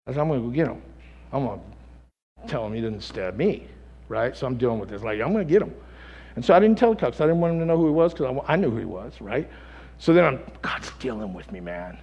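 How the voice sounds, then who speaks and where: A man preaching a sermon as a pastor, telling stories with lively acted quotes and laughter. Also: medium pitch, vocal fry, slightly rough, long reverb tail.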